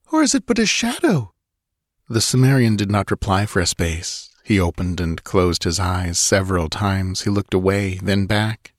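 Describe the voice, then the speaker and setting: A man narrating an audiobook in a measured, steady storytelling manner. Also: low-pitched, no echo, studio quality. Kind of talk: scripted narration.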